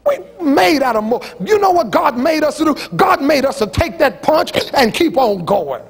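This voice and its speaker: A preacher with an unusually high, piercing voice and a rough, gravelly edge. He is a middle-aged man who preaches a folksy, fiery sermon, shouting out his points and then dropping into low, teasing asides. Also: very animated, moderate pace. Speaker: pastor. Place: church sanctuary.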